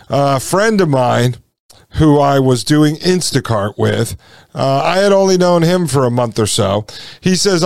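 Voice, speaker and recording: A man in his forties, a podcast host, telling a personal story in a relaxed conversational way and speaking straight to his listeners. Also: medium pitch, clear, resonant tone, dry recording, clean studio sound. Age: 40s. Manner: conversational, addresses listeners as folks.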